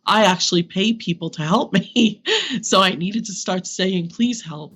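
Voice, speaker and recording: Speaking at a moderate pace, this woman has a medium-pitched, fairly bright voice with a breathy edge. She's a social media consultant in her fifties from Brooklyn, New York, appearing as a podcast guest and chatting openly and energetically with plenty of laughter.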